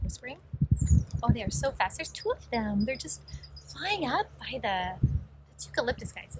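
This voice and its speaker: A woman's voice: a little high, fairly bright tone. A woman giving a casual, enthusiastic walking tour of her home vegetable garden outdoors, chatting to viewers as she films. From Northern California. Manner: chatty and enthusiastic, talks to viewers as "you guys". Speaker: homestead gardening vlogger.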